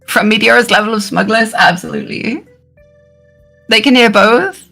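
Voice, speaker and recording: A woman streamer chatting casually, halting and repeating words, laughing often. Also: on the high side, gravelly, pushed and bright, faint music behind. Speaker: streamer and collab guest.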